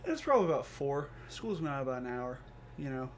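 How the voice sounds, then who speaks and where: A young man, a podcast co-host, telling a comedic story with animated delivery and swearing. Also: mid-range voice, fast. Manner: animated, swearing, acts out quoted voices. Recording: faint background noise.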